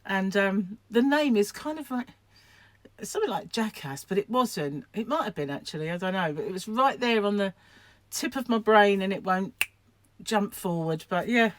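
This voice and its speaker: A woman's voice: mid-range voice, animated, moderate pace. An older woman from England chatting to camera in a rambling, self-deprecating way, laughing often. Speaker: vlogger, craft shop owner. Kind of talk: casual chat to camera.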